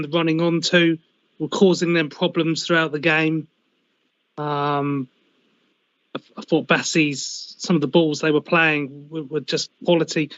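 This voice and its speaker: A man giving a casual, halting match analysis on a fan radio show, full of restarts and "you know". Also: on the high side, fairly bright tone, dry recording. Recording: dull dry remote line.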